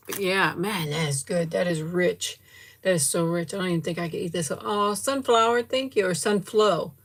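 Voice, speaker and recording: A woman's voice: lowish voice, normal speed, slight background noise. A middle-aged woman hosting a casual livestream, tasting a sweet and gushing thanks to viewers by name with frequent giggles. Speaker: livestream host. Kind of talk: casual live chat and food tasting.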